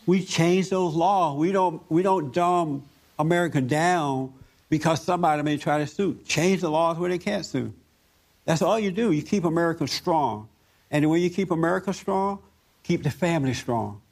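A man's voice: fairly high pitch, normal speed. A man hosting a talk show discussion, emphatic and preachy, repeating his points for force. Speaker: host.

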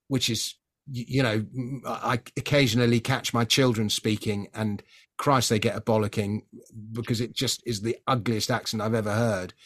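A middle-aged man from London hosting an interview, chatty and opinionated, often hesitating at the start of a point. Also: medium pitch. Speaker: podcast host. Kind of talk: conversational interview.

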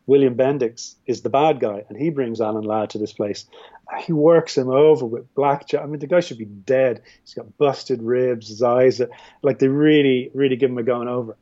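Irish man with a dark, muffled voice. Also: mid-range voice, normal speed. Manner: rambling, with many restarts and fillers. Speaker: filmmaker, podcast guest. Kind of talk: casual film discussion. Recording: dull, muffled audio.

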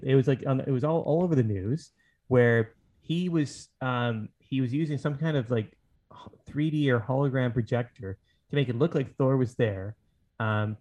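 A man's voice: mid-range voice, darkish tone. A man hosting a casual podcast chat, thinking aloud and rambling with fillers. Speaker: podcast host.

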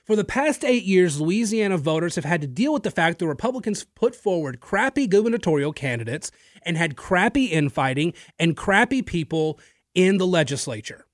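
A man's voice: high-pitched, sing-song, normal speed, no room sound, studio quality. A male radio talk show host giving an emphatic, opinionated political monologue straight to his listeners, with the odd filler and repeated word. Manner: occasional filler and repeated words. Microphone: studio microphone.

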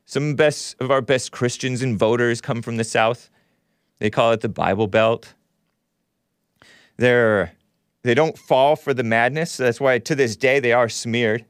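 A man at an ordinary middle pitch hosts his own call-in show in a combative, sarcastic monologue. He rambles between topics and throws in mocking asides. The sound is close and dry, with no room around it. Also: measured pace, clear, resonant tone, no room sound. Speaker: talk show host.

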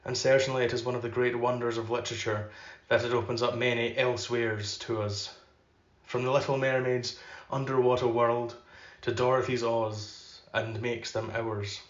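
Male podcast host doing an unhurried literary reading, mid-pitched voice, roomy and slightly muffled recording. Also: flat delivery. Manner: measured, unhurried reading; loose and filler-heavy when chatting.

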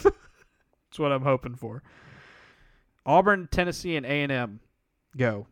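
A man co-hosting a casual sports podcast, talking in an animated, sarcastic way with mock-outraged asides. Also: mid-range voice, slow pace, pauses often, smooth, no room sound, clean studio sound. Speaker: podcast co-host.

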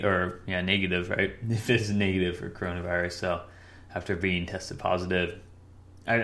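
A man's voice: deep voice, fairly bright tone. A young man hosting a casual solo sports podcast, rambling and correcting himself often. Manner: rambling, self-correcting, with frequent fillers. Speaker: podcast host.

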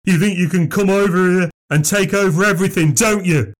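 A man's voice: a little high, lively intonation, very slow, voice pushed up, exaggerated voice. A man voicing a dishevelled, drunk old man, bellowing and ranting in a story. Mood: drunken rage. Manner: shouting, ranting, slurred bellowing.

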